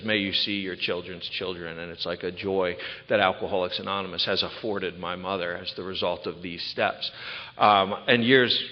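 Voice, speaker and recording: A man in his thirties from Maryland telling his recovery story candidly to a large gathering. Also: low-pitched. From Ocean City, Maryland. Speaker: recovery speaker. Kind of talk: personal testimony talk. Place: large event hall. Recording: echoey hall, dull lo-fi sound.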